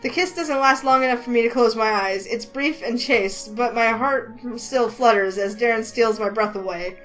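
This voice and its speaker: A woman reading a romance game aloud in a lively, excitable way, with faint music behind her. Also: on the high side, moderate pace, rough recording. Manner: lively, excitable, voices the heroine with outbursts. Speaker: gaming channel host reading a visual novel.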